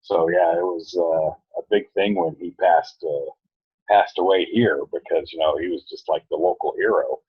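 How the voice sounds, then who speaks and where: Deep raspy-voiced guy, podcast guest, kinda muffled lo-fi sound. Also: moderate pace, no room sound. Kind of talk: casual chat. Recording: dull lo-fi sound, dry.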